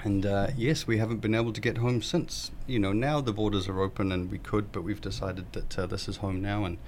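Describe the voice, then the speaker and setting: A man with a New Zealand accent speaks in a lowish voice as a guest, recounting his story in a measured, steady way. A faint noise sits under the recording. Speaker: event organizer guest. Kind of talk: casual interview chat.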